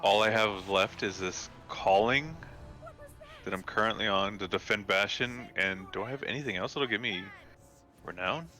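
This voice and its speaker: A man playing a game with a friend, chatting casually and answering in short, relaxed remarks. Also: on the low side, moderate pace, faint music behind. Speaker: co-player. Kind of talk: casual gaming chat.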